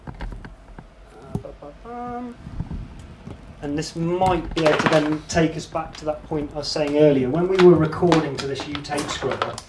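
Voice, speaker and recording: A man with a fairly high voice wanders through a casual equipment demo, rambling and poking fun at himself. He sounds set back from the mic in a roomy, echoing space. Loud ambient noise and traffic sit under his voice. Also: steady tone, moderate pace. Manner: rambling, self-deprecating, chatty. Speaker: electronic music demonstrator. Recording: echoey room, distant mic, loud background noise.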